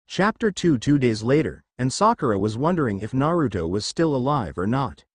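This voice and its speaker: A man reading fanfiction aloud as a narrator, in a steady read-aloud delivery. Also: mid-range voice, no room sound.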